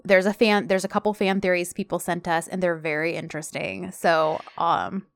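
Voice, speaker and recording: A woman's voice: lowish voice, fairly even intonation, normal speed, creaky. A woman co-hosting a podcast, casually retelling TV scenes and quoting the characters. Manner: chatty storyteller, quotes characters. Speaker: podcast co-host. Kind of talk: casual chat recapping a TV show.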